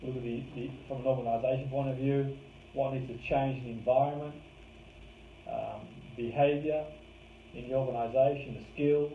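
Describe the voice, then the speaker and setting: A man's voice: medium pitch, fairly even intonation, moderate pace. A man teaching a live course in a conversational way, leaning on key words to make his points. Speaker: course trainer. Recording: roomy, distant, phone-like lo-fi with faint hiss.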